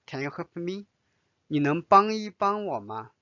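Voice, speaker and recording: Man, native Chinese speaker, language teacher, unhurried, repeats each word, dry lo-fi recording. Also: high voice, big pitch swings, bright, forceful tone, no room sound. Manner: slow, patient, repeats words, many "uh" pauses. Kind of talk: language lesson.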